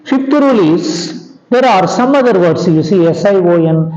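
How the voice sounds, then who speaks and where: A man teaching grammar in a slow, repetitive lecture, often asking if the class understands. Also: high voice, animated, a little mellow. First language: Telugu. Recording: echoey room, dull lo-fi sound.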